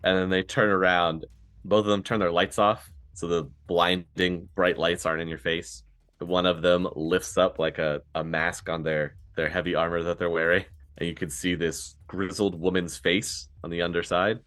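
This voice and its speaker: Deep-voiced male game master. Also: moderate pace, no room sound. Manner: relaxed, laughs often. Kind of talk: narrating a tabletop game.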